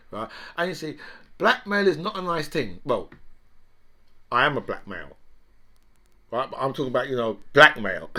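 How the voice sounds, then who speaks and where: A man's voice: mid-range voice, sharp tone. A man giving a casual political rant, rambling, profane and full of "right?" and "you know".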